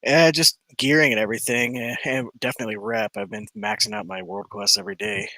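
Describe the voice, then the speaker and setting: A man guesting on a casual gaming podcast, talking quickly and playfully. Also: medium pitch, expressive, vocal fry, pushed and bright, no room sound, poor audio.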